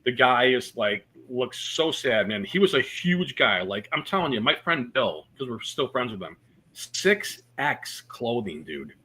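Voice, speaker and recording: Interview guest: a man with a bright, forceful voice, a comic storyteller. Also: mid-range voice, sing-song, measured pace, slightly rough. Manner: storytelling with jokes and many fillers. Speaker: comedian guest. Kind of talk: casual interview chat.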